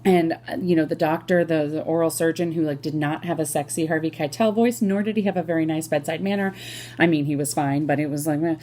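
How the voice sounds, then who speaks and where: A woman performs a confessional comic story on her own. She sounds casual and chatty, with lots of "like" and quick self-corrections. Her voice sits a little low and comes across mellow. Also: a little hiss or hum. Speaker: solo performer.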